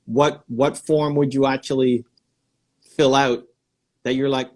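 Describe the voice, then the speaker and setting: A man hosting a live stream, giving energetic advice and thinking out loud in quick bursts. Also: medium pitch. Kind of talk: excited live-stream coaching chat.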